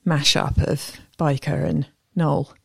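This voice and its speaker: A woman in her thirties co-hosting a podcast, telling stories in a lively, animated way and acting out voices. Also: deep voice, takes it slowly, gravelly, husky, no room sound, studio quality. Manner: animated storyteller, acts out voices. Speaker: podcast co-host. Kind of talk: casual chat.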